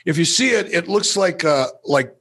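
A man's voice: high-pitched, lively intonation, normal speed, fairly bright tone. A man talking as a podcast guest, telling a story in a playful, profane, self-amused way. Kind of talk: casual storytelling.

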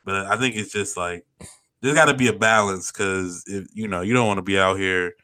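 Bright-voiced profane man chatting. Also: low-pitched. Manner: laid-back, profane, drawn-out slang. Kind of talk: casual chat.

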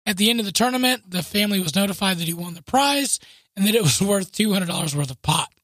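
Chatty co-host type, bright voice, laughs through the story, recorded close and dry. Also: medium pitch, expressive, fast talker, dry recording. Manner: laughs often while telling stories, chatty asides. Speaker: podcast co-host. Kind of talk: casual chat, reading news aloud.

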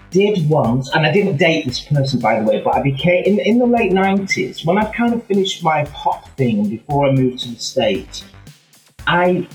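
A man telling animated, rambling anecdotes as a guest in casual chat. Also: on the high side, echoey room, rough recording. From England. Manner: animated anecdotal storytelling with many asides.

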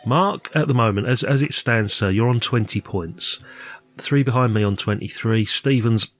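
A man's voice: medium pitch, normal speed, no echo. A man co-hosting a podcast in casual chat, running a quiz segment with a jovial, mock-formal manner.

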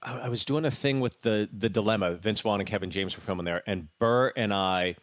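A comedian from Pittsburgh in his forties, telling lively sports stories in a casual chat. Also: fairly low pitch, fairly quick, no echo. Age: 40s. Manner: lively anecdotes, acts out crowd chants. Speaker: comedian guest.

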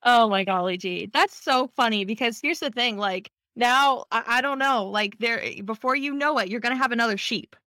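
A woman co-hosting a podcast who reacts in an excitable, exclaiming way. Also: a little high, normal speed, few pauses, no room sound. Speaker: podcast co-host.

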